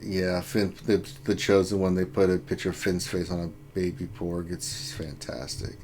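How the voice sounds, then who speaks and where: A man with a low voice hosts a relaxed gaming livestream. He jokes, laughs a lot and chats loosely as he reads out viewer comments. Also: normal speed, slight background noise. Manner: laughs often, joking and excitable. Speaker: livestream host reading chat. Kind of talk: casual gaming chat.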